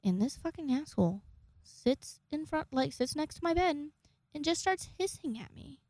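A woman's voice: high voice, expressive, moderate pace, a little mellow, dry recording. A young woman hosting a casual monologue, rambling in a chatty way and swearing freely. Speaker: host.

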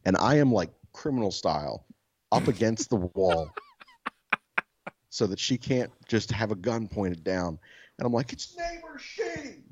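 Soft-spoken male podcast co-host, low voice, casual storyteller, swears a lot, dull dry mic. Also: animated, a little slow, long pauses, slightly rough. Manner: swears freely, laughs at himself.

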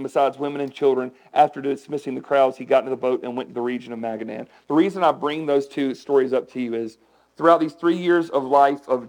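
Male pastor, animated conversational sermon, slightly high voice. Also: low-quality recording. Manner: animated, conversational preaching with audience questions.

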